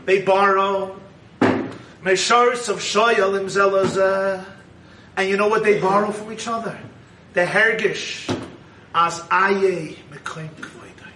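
A man preaching a Hasidic sermon and telling a story, swinging between fervent shouting and hushed tones. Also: high-pitched, steady tone, slow pace, noisy background. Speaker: rabbi teaching a congregation. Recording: echoey room, voice from a distance.

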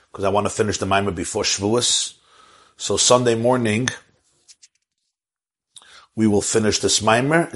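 Husky man teaching a religious class. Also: fairly low pitch, a bit bright. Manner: earnest, repeats key phrases, chuckles. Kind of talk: Torah lecture with questions.

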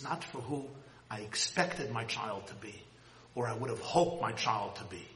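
A man giving an impassioned sermon, swinging from loud high cries to hushed low tones. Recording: roomy hall with long reverb.

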